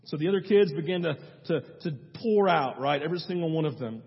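Male pastor, high husky voice, emphatic storyteller, sermon in a dull echoey hall. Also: animated, brisk. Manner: emphatic storytelling with repeated phrases.

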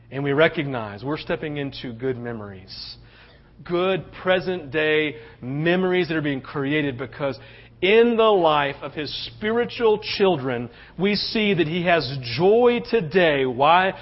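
A pastor preaching a sermon in a conversational, animated way, acting out quotes and often checking in with "right?". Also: male voice, a little high, moderate pace, dull audio.

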